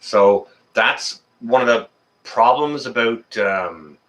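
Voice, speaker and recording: A man speaks slowly in a medium-pitched, slightly bright voice while hosting a casual live stream from his apartment. Chatty, he talks with viewers and reads their messages aloud.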